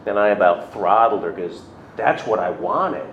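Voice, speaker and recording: With a low, animated voice at moderate speed, a middle-aged man tells his own recovery story in a relaxed, self-deprecating manner, bringing the people he quotes to life. The audio is roomy, dull, and lo-fi, with a little faint noise.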